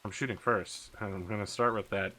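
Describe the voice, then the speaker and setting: A man runs a tabletop wargame as game master, speaking in a lowish voice with a bright, forceful edge. He talks in a laid-back way, thinking aloud with plenty of fillers. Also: steady tone, a little fast.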